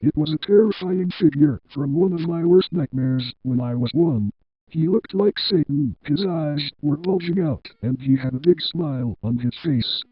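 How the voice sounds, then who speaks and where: A synthetic text-to-speech man's voice reading a horror story in a flat, evenly paced way. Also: a little high, normal speed, slightly rough, no room sound, lo-fi sound. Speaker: narrator. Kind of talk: scripted horror story narration.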